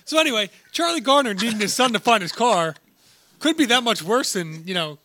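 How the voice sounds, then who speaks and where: A man co-hosting a casual pub sports show, dropping quick wisecracks and steering the chat back to the topic. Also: high voice, animated, sharp tone. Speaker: podcast co-host.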